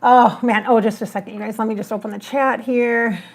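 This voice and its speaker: A woman's voice: on the high side, a little fast. A woman who works as a psychic medium, telling a story on a casual livestream and acting out her own remarks. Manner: animated, acts out her own remarks in the retelling.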